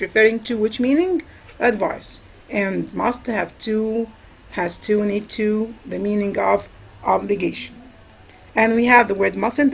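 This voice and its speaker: A woman's voice: medium pitch, vocal fry, husky, low-quality recording. A woman whose first language is Arabic, teaching an English grammar review lesson and answering her own questions. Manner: asks questions and answers them herself, repeats key words.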